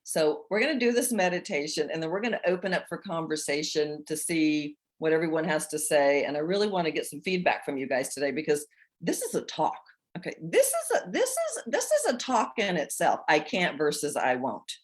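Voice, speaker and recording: A woman in her sixties with a low-pitched voice leads a spiritual coaching chat for a women's group. She speaks expressively and dramatizes inner voices. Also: sing-song, a little fast. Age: 60s.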